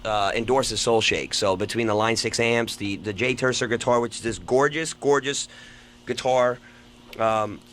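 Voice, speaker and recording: Relaxed man explaining gear. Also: medium pitch, normal speed, a little hiss or hum. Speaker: band member.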